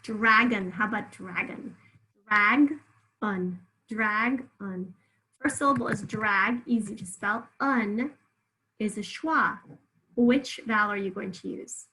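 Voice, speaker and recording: A woman's voice: mid-range voice, measured pace, pushed and bright, slight background noise, rough recording. A woman teaching a spelling lesson, patiently sounding words out syllable by syllable and encouraging the listener.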